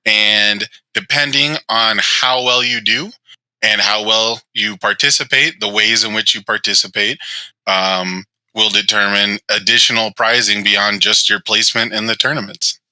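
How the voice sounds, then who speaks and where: A man in casual chat as a guest tournament organizer, explaining at a measured pace with many fillers. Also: lowish voice, fairly even intonation, bright, forceful tone, no echo, rough recording.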